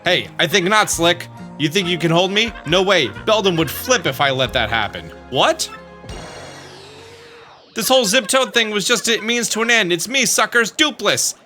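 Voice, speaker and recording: A man's voice: high voice, lively intonation, moderate pace, bright, forceful tone, faint music behind, pitched above the performer's own voice. A man voicing a sneering, mocking male villain in a raised voice.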